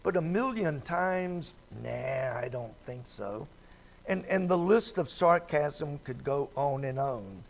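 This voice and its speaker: A man's voice: fairly high pitch, animated, slow, creaky. A man preaching a midweek church Bible study in a folksy, conversational way, often putting questions to the congregation. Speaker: pastor. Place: church sanctuary.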